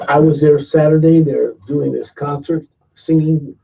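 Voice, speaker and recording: A man's voice: a little high, fairly even intonation, unhurried, gravelly, husky. A man chatting casually, in brief, chatty remarks. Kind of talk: casual chat. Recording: distant, dull lo-fi recording.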